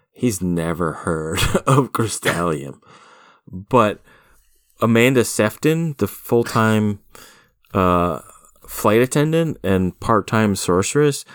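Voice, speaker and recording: A wry man in casual podcast chat who laughs often. His low voice moves in lively swoops. The recording is dry and close. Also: no room sound. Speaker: podcast co-host.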